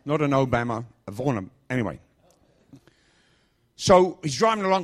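Joking English preacher, lively pitch. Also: male voice, moderate pace. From England. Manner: chatty, joking storyteller. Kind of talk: storytelling sermon.

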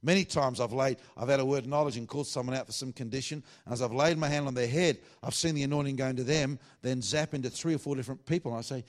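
A man preaches to a church meeting in a loose, conversational way, with self-mocking jokes along the way. His pitch sits in the middle of the male range. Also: fast talker, few pauses. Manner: chatty, self-mocking, joking asides. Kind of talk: sermon.

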